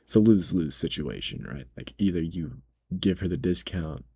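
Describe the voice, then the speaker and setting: A man's voice: low-pitched, expressive, normal speed, darkish tone, breathy edge, dry recording, clean studio sound. A young man working as a grocery cashier, retelling a bad customer story in a casual, slangy, exasperated way.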